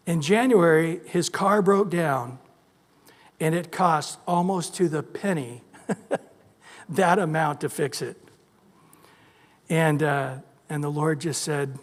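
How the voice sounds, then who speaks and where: A man's voice: on the high side, slow, long pauses, big-room sound. A man preaching a sermon as pastor, telling stories animatedly and acting out the voices he quotes. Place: church sanctuary.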